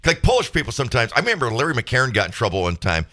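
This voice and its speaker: Radio host, man, fast and animated, bright voice, faint music bed. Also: medium pitch. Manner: lively, jokey, teasing. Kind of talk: casual radio chat.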